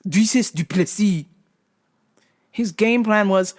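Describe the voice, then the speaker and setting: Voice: lively intonation, unhurried. Profane, heated podcast host ranting. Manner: wide, jumpy pitch swings when worked up. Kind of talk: casual solo rant podcast.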